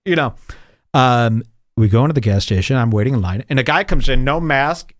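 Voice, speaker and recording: A man's voice: medium pitch, lively intonation, a little fast, dry recording, clean studio sound. A man hosting a podcast, telling rambling, sarcastic stories in a casual comedic chat. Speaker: podcast host.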